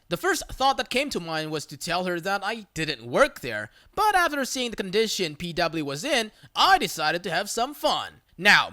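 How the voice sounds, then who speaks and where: A narrator reading a reddit story aloud in a lively, playful storytelling manner. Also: mid-range voice, dry recording, studio quality.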